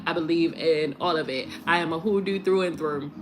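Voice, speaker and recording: A woman tarot reader chatting casually on a live stream, animated and laughing, swearing and mocking, then settling low and slow as she signs off. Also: slight background noise.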